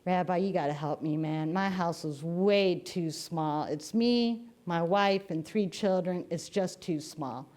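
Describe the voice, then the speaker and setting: Woman putting on a cranky, exhausted male farmer, pitched a little low, whining as he talks, for a sermon story. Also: a little slow, hardly any pauses, a little mellow, lightly acted. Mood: complaining. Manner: whiny, complaining.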